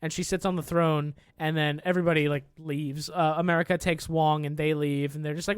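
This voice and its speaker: Guy on a podcast recapping a movie, kinda high voice, dry sound, does the characters' lines, swears a lot. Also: brisk, few pauses, clear, resonant tone, no room sound. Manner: animated retelling, acting out characters' lines, swears often. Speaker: podcast co-host. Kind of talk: casual recap of a film plot.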